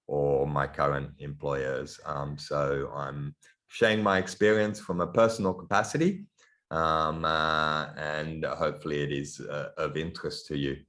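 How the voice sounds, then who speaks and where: A middle-aged man with a mixed Australian and European accent, giving an online lecture in a halting way, with many ums and restarts, over a video call. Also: very deep voice, steady tone, a bit bright. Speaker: guest lecturer. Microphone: computer mic on a video call.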